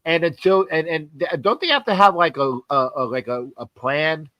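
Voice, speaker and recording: A man's voice: a little high, normal speed, no echo, lo-fi sound. A man hosting a casual sports talk show, rambling, repeating words and joking. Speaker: host.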